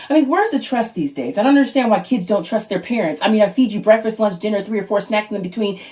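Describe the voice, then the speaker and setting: A woman in her thirties tells stand-up comedy stories at home in a chatty, animated way. Now and then she jumps into a squeaky kid voice for her children's lines. Her voice sits in a middle pitch. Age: 30s. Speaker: stand-up comic auditioning.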